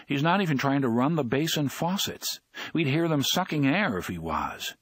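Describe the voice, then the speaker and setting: A man voicing a calm, firm female flight attendant in a storybook reading. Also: fairly high pitch, moderate pace, breathy edge, dry recording, studio quality, voice pushed up, heavily acted.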